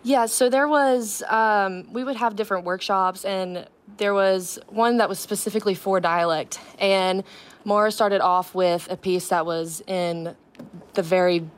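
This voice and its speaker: A woman's voice: mid-range voice, fairly even intonation, unhurried, smooth. A woman actress speaking as a guest in a radio interview, earnest and eager with frequent ums.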